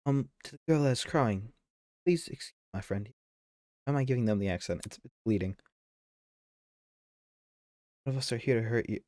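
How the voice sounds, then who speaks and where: A man's voice: medium pitch, moderate pace, long pauses, darkish tone, no echo, studio quality. A man streaming a game live, reading its dialogue aloud and chatting between lines, easily sidetracked.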